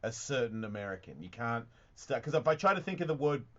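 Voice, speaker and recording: A man's voice: medium pitch, big pitch swings, fairly quick, fairly bright tone. A man hosting a radio talk show, chatting in a loose, rambling way with plenty of swearing. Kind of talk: casual chat. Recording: dull lo-fi radio studio sound.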